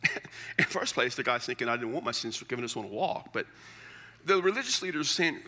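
A man's voice: mid-range voice, sing-song, quick pace, bright, forceful tone. A middle-aged male pastor preaching a sermon in a conversational, joking way with emphatic asides.

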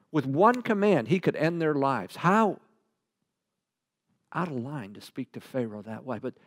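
A man preaching a verse-by-verse Bible sermon, animated and full of rhetorical questions, dropping from loud to hushed. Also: a little high, no echo, studio quality.

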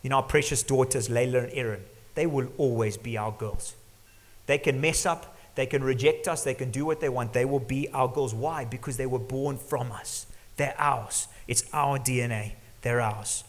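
A middle-aged male pastor preaching an earnest sermon, sometimes dropping to a hush for emphasis. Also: medium pitch. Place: church hall. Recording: long church reverb.

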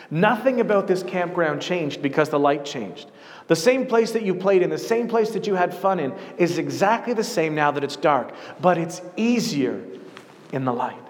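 A man with a fairly high voice preaches a sermon in a storytelling way, coming back to the same phrase again and again for weight. His voice rings out with a long reverb, as in a big church hall. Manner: storytelling, repeats key phrases for emphasis. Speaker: pastor.

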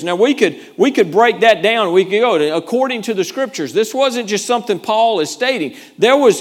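A male pastor preaching a sermon in an earnest, emphatic way, often repeating words as he goes. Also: sits high.

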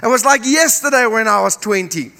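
A man's voice: very high voice, lively intonation, fairly quick, vocal fry, sharp tone. A man in his fifties, a native Dutch speaker, preaching a sermon with emphatic repetition and jokes aimed at the congregation. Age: 50s. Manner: emphatic, repeating phrases, joking with the congregation. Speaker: pastor.

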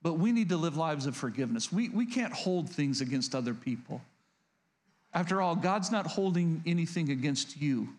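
A man's voice: on the high side, expressive, normal speed. A man preaching a sermon as pastor, speaking earnestly and confessionally, often restarting and asking the congregation questions.

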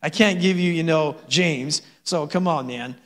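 A man's voice: on the high side, a little slow, long reverb tail. A man acting out God as a casual, teasing and impatient voice in a sermon, in his own voice.

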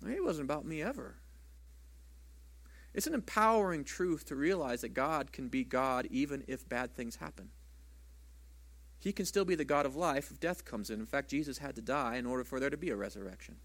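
A man's voice: mid-range voice, animated, moderate pace. A man preaching a sermon as a pastor in a church, talking conversationally and asking the congregation rhetorical questions.

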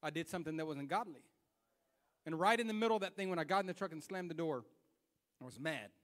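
A young adult man preaching a sermon, telling a personal story in an animated way that swings between hushed self-scolding and loud retelling. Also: a little high, quick pace, in a large hall.

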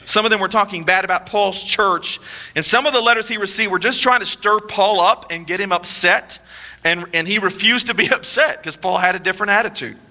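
A male pastor preaching a sermon with emphatic repetition, dropping low and quiet for solemn points. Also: fairly quick.

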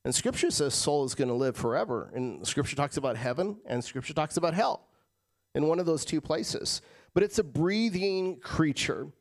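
A man preaching a sermon as pastor, shifting between loud emphatic lines and quiet, casual asides to the congregation. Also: fairly high pitch, expressive, moderate pace. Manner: casual, addresses crowd as guys.

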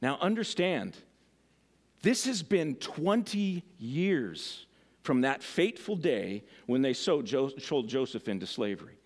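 A man's voice: mid-range voice, very animated, slow. A man preaching a sermon, reading scripture and then explaining it with emphatic rhetorical questions. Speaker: pastor.

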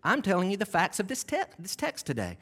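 Man, pastor, church sermon, slightly high voice, repeats phrases for emphasis, chatty asides. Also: huge pitch swings, a little fast, a bit bright. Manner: emphatic, repeats key phrases with rising intensity; conversational asides, self-deprecating. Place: church sanctuary.

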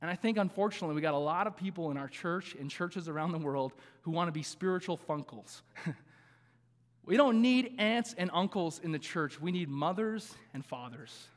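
A high-pitched male pastor delivers an earnest sermon, building to emphatic repeated calls and easing into light laughing asides. His voice rings out with long reverb in a church sanctuary. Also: lively intonation, moderate pace.

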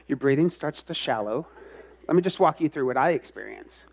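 A man preaching a sermon to a congregation, animated and self-mocking, sometimes bursting into loud outbursts. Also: mid-range voice, fairly quick, gravelly. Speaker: pastor.

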